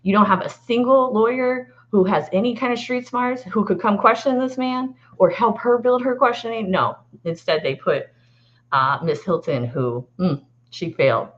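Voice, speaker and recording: A woman who is a lawyer, chatting as a guest in an excitable, animated way and laughing often. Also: mid-range voice, moderate pace. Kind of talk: casual chat. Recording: dull lo-fi sound.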